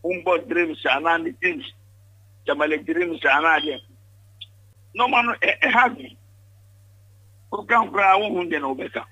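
A man's voice: on the high side, normal speed, pauses often, bright, forceful tone, slightly rough, no room sound, poor audio. An older Ghanaian man giving an interview, speaking emphatically and often repeating words when pressed. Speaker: interview guest. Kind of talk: candid interview.

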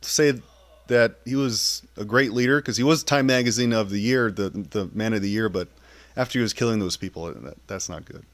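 A man's voice: on the low side, brisk. A man joking and stumbling through casual answers for a wedding video. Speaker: wedding guest, brother-in-law. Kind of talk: casual on-camera wedding message.

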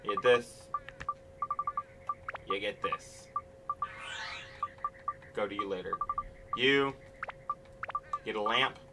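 A man with a fairly low voice speaks slowly, with long pauses, over very noisy audio and video game music. Hosting his gaming channel, he offers casual commentary as he plays, grumbling impatiently and swearing often.

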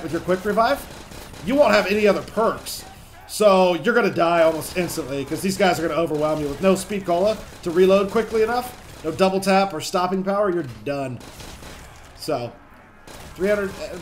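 Chatty high-voiced young man gaming. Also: a little hiss or hum. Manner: chatty, excitable, swears under pressure. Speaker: gaming channel host. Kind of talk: casual gameplay commentary.

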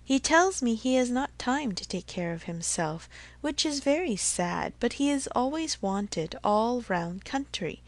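For this audiobook role, a woman pitches her voice above her own to play a fretful, fond elderly father anxious about his family's health, repeating endearments. Her delivery is on the high side, expressive and a little slow.

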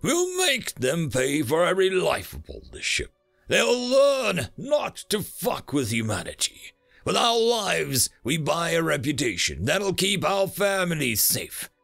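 A man's voice: fairly high pitch, big pitch swings, measured pace, creaky, a bit bright, faint music behind, heavily acted. A man voicing a decisive male starship captain giving orders in a narrated sci-fi story. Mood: commanding. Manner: clipped commands, grave speeches.

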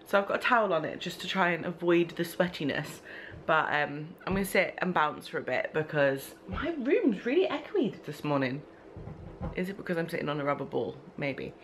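A woman's voice: deep voice, big pitch swings, moderate pace, a bit bright, slight background noise. A young woman talking casually to her camera at home, candid and rambling, often laughing between emotional thoughts. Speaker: vlogger. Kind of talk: casual vlog talk to camera. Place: echoey room at home. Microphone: compact camera.

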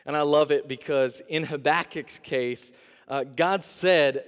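A man's voice: fairly high pitch, unhurried. Man preaching in a reverberant church. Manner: animated preaching, acts out voices of God and the prophet. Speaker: interim pastor. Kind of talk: sermon. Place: church sanctuary. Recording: long reverb of a church sanctuary.

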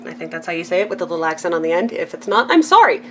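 A woman's voice: lowish voice, steady tone, rapid-fire, a bit bright, a little hiss or hum. A woman from California chatting casually through a craft supply haul, rambling with frequent ums and self-corrections and laughing at her own asides. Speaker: craft vlogger.

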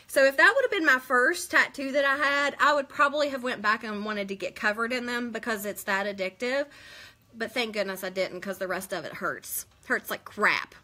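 A woman's voice: on the high side, moderate pace, bright, forceful tone. A woman, chatting casually on a live stream, rambling and answering viewers' comments. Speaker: beauty vlogger hosting a live stream.

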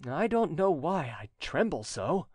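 A man's voice: very animated, unhurried, darkish tone, dry recording. A man voicing an agitated French nobleman, emotional and pleading. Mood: uneasy. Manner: emotional, pleading, high-strung.

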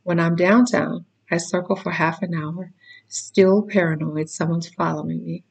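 Low flat-voiced woman reading a novel. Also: vocal fry, breathy edge, low-quality recording. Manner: measured, with occasional stumbles and self-corrections. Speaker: reader.

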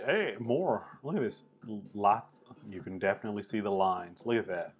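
A man hosting a casual art appreciation vlog, talking in a relaxed, chatty, enthusiastic way. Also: on the low side, normal speed, faint music behind. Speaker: host.

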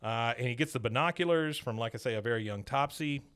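A man hosting a podcast, casually retelling a cartoon episode scene by scene and dropping into quick voices for the characters. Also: medium pitch, fairly bright tone. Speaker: podcast host recapping episodes. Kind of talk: casual recap chat.

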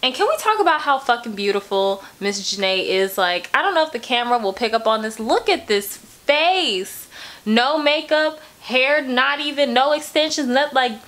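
A woman's voice: high voice, normal speed. A woman reacting to a song from her bedroom, gushing, emotional and swearing freely. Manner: emotional, gushing, profane, animated. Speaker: music reaction vlogger. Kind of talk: casual reaction commentary.

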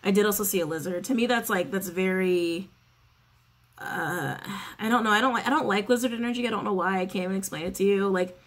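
A woman's voice: mid-range voice, a little fast. Chatty, sassy woman reading tarot. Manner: chatty, sassy, swears freely, repeats phrases. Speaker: tarot reader. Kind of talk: casual spoken tarot reading.

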